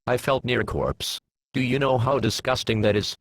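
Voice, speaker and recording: A man's voice: mid-range voice, lively intonation, normal speed, a little hiss or hum, lightly acted. A fussy, complaining pony lady, as a man reads her. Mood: disgusted. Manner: dramatic, complaining. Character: prim, fussy female pony.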